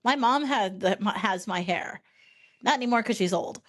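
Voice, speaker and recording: A woman with a mid-range voice tells a story on a podcast, rambling and restarting her sentences as she goes. Her delivery is animated and casual, with frequent swearing. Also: mid-range voice, moderate pace. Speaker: podcast host.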